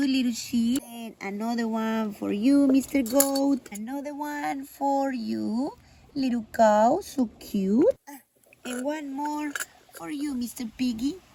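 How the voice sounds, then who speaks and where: High and unhurried, a woman plays out a toddler-doll story with big dramatic gasps and cries. She coos gently at little toy animals, drawing the words out slowly. There is a faint hiss behind her voice. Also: creaky. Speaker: doll play narrator. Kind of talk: playful toy play voicing toddler dolls.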